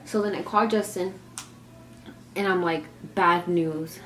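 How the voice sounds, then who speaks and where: A woman's voice: mid-range voice, steady tone, moderate pace, slight background noise. A young woman vlogger telling a family story in casual, rambling talk full of fillers.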